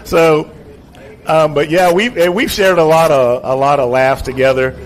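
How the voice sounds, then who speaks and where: A man hosts a relaxed talk show, with a voice pitched a little above most men's. He is chatty and laughs often as he tells his stories. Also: normal speed. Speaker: host and stadium announcer. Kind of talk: casual talk-show chat.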